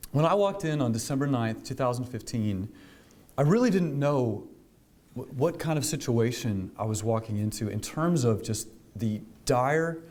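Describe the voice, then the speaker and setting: Man, public speaker, casual storytelling, lots of ums and restarts, mid-pitched voice. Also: a little mellow. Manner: conversational, with frequent fillers and restarts. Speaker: government official giving a speech. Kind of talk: storytelling speech to a business audience.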